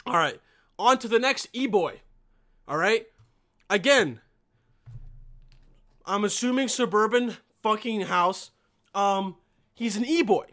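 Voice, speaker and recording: A man tears into the clips he is watching in a foul-mouthed, exasperated rant, his voice bright and tense. He keeps breaking into outraged yelling as a reaction-video host, never calming down for long. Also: high voice, takes it slowly, pauses often. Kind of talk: profane comedic reaction rant.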